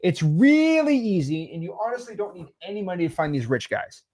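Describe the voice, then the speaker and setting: A man casually teaching real estate wholesaling while sketching, animated and salesy. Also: sits high, fast, husky. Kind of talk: casual whiteboard explainer.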